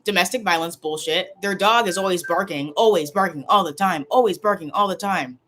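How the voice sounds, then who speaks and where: A woman's voice: on the low side, fairly quick, fairly bright tone, a little hiss or hum. A woman vlogger talking casually and tearfully to a livestream, upset and rambling, often repeating herself.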